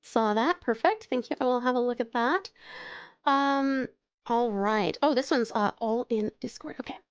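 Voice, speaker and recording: A woman's voice: a little high, normal speed, smooth, lo-fi sound. A woman from Australia chatting with her live-stream chat and reading viewer stories aloud, bubbly and giggly, gasping often.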